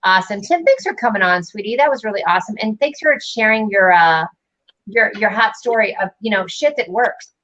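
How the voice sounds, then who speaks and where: A bubbly, affectionate woman hosts a casual livestream from her home office, tossing out quick asides. Her voice sits mid-height, and the audio has the dull, lo-fi sound of a computer mic on a video call. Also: mid-range voice, lively intonation, fairly bright tone. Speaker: host.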